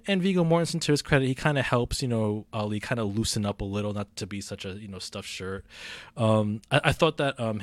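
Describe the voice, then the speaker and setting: A man's voice: on the low side, no room sound. Rambling man chatting about movies, dry sound. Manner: rambling, many restarts and fillers. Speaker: movie reviewer. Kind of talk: casual podcast chat.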